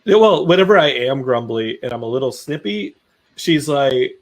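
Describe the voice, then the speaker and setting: A man co-hosting a livestream, teasing a co-panelist with wisecracks and quick impressions. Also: medium pitch, lively intonation. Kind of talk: casual chat.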